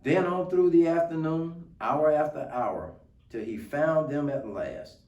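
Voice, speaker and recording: Slow expressive man reading aloud. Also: a little high, dull audio. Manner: unhurried, expressive storytelling. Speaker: guest reader. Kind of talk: reading a picture book aloud. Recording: roomy, distant mic.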